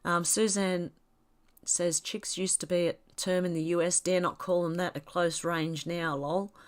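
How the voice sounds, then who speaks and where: Her voice low-ish and fairly even in intonation, this Australian woman talks a little slowly on her casual livestream while nursing a cold that blocks her nose. She reads out comments from viewers, chats in a wandering way, and laughs a lot.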